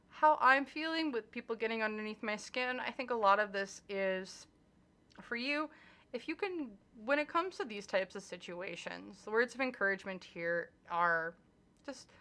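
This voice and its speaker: A young woman giving a casual monthly tarot reading, blunt and animated, swearing freely and acting out little exchanges as she goes. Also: a little high. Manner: animated and emphatic, acts out little dialogues. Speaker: tarot reader.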